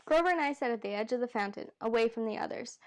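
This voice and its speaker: A woman reading a novel aloud in a relaxed, unpolished way. She stops for chatty asides and often corrects herself mid-word, and her voice sits a little high. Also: fast. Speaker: amateur reader. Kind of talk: casual read-aloud of a novel.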